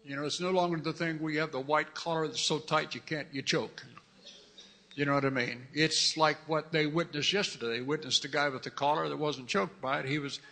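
A man's voice: fairly high pitch, gravelly, pushed and bright. A middle-aged man preaching a fervent sermon as pastor, repeating his phrases and calling out hallelujahs. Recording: long reverb of a large hall.

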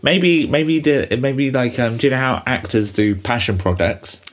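A woman co-hosting a podcast, laid-back and teasing, laughing often, husky from a cold. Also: a bass voice, a little slow. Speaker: podcast co-host. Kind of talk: casual chat.

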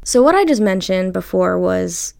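A young woman hosting a casual solo podcast, chatty and animated, swearing freely and acting out what people said to her. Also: on the low side, normal speed, creaky. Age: young adult. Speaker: podcast host.

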